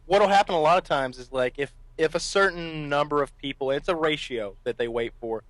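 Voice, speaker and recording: A man with a slightly higher voice co-hosts a casual podcast, rambling through explanations and swearing offhandedly. His sound is dry and close to the mic. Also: a little fast, fairly bright tone, no room sound, poor audio. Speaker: podcast co-host.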